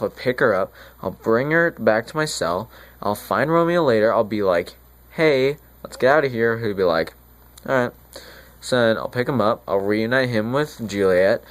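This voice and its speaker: A remorseful friar, played by a young man, recounts the whole disaster in loose modern slang for a school monologue. His voice sits a little low, and he rambles and stumbles over restarts. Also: normal speed, close to an everyday voice. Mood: rambling. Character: remorseful friar retelling a tragedy casually. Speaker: student actor.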